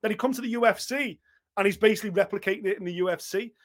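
A man co-hosting a fight podcast, talking in an excitable, gushing way and swearing freely. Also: high voice, rapid-fire. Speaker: podcast co-host. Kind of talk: casual MMA chat.

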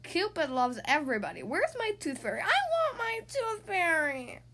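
A woman voicing an excitable, dramatic little girl in a storybook read-aloud, squealing and whining. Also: very high-pitched, normal speed, voice pushed up. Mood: excited, whiny. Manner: squealing, exaggerated outbursts.

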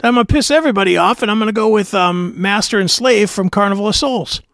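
A blunt, wisecracking man co-hosts a music podcast. His voice is high and gravelly, and his pitch moves in an animated way. The recording is dry. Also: fast talker, dry recording. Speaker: podcast co-host. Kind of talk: casual chat.

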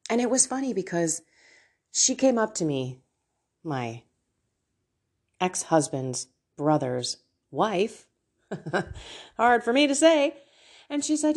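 A woman's voice: on the low side, big pitch swings, takes it slowly, long pauses, a little mellow. A middle-aged woman hosting a podcast, sharing a personal, confessional reflection. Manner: emotional, confessional, with laughs. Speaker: podcast host.

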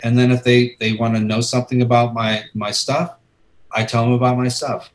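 A middle-aged comic book artist tells stories in a relaxed chat, his mid-pitched voice rising and falling as he acts out each exchange. He is plainly enjoying the telling. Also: moderate pace. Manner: animated storyteller, acting out voices. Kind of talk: casual anecdote-telling.

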